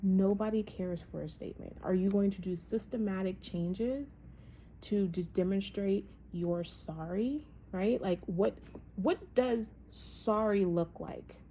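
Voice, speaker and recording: A woman's voice: mid-range voice, slow pace, dark tone, slight background noise. Emphatic woman talking with many fillers. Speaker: podcast host. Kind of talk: casual opinion monologue.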